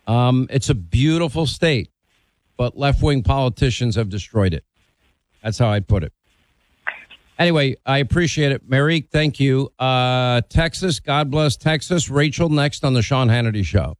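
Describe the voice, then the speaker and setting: A man's voice: medium pitch, expressive, moderate pace, no echo. A middle-aged man hosting a call-in radio talk show, blunt and opinionated, teasing his callers.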